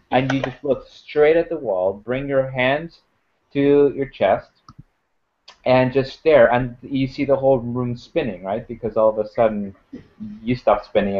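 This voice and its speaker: A man's voice: medium pitch, fairly even intonation, unhurried. A man with a mid-range voice walks through a practice step by step in a casual chat. The recording sounds somewhat dull and muffled. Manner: explanatory, describing step by step. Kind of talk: casual conversation.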